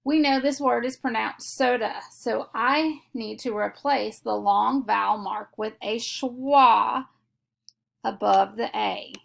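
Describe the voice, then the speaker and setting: Woman with a gravelly phonics-teacher voice. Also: on the high side, a bit bright. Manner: slow, deliberate, methodical explanation. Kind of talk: step-by-step phonics lesson.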